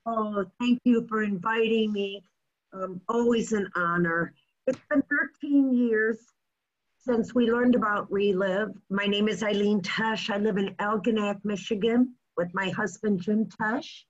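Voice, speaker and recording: A woman's voice: medium pitch, a little slow, dull audio. A woman sharing a personal testimonial in a chatty way, with many fillers.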